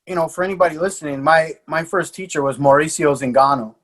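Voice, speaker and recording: A man's voice: fairly high pitch, fast talker. A middle-aged American man, a jiu-jitsu coach, telling stories casually as a podcast guest, swearing freely and laughing often. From USA. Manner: animated storyteller, swears, frequent restarts and laughs. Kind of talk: casual storytelling.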